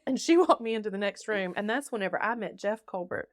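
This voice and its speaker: A woman's voice: mid-range voice, fast talker, dry recording, clean studio sound. A young woman from North Carolina, a podcast guest telling her life story and acting out the people in it. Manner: animated, laughing often, acting out quoted voices. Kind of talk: casual storytelling.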